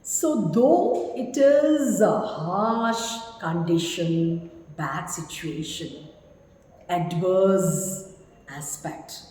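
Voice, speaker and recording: A woman's voice: on the low side, extremely slow, mellow. A woman in her fifties from India, teaching a spoken English lesson with emphatic, instructive delivery and repeated key words. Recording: echoey room with long reverb.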